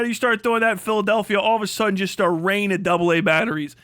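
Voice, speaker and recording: A young man rants on a livestream, crude and sarcastic, laughing between jabs. His voice is a little high, and it comes out bright and cutting. The mic is close and dry. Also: brisk, dry recording. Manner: crude, sarcastic, laughs often, answers chat. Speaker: livestream host. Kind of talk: profane ranting stream chat.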